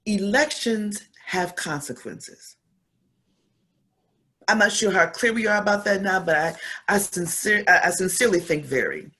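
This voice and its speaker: A woman's voice: mid-range voice, lively intonation, unhurried, bright, forceful tone. A woman giving an earnest advocacy speech, repeating phrases for emphasis and growing emotional. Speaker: community speaker.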